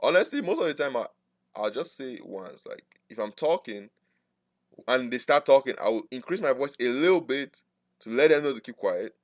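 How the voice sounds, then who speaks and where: A man's voice: medium pitch, animated, moderate pace, no room sound. A man talking casually to his viewers, rambling and correcting himself as he goes. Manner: rambling, self-correcting, mimics interruptions. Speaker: trading streamer. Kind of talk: casual talk to camera.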